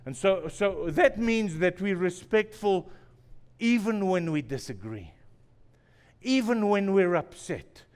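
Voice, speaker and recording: A man's voice: sits high, expressive, takes it slowly, darkish tone, clean tone, long reverb tail. A male pastor preaching a sermon in a church, telling stories with self-deprecating humor and repeating phrases for emphasis. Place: church sanctuary.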